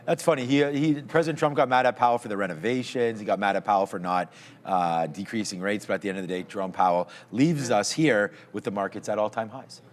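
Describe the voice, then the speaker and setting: Low-voiced man in casual market chat. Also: quick pace. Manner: rambling, conversational, chuckles at himself. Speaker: co-host of a live stock market show.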